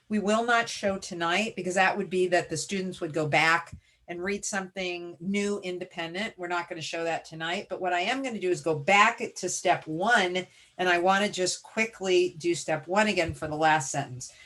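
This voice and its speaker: A woman's voice: on the low side, a bit bright. A woman teacher leading a reading lesson over a video call, giving encouraging step-by-step prompts. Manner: encouraging, directive classroom prompts. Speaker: teacher presenting a reading webinar.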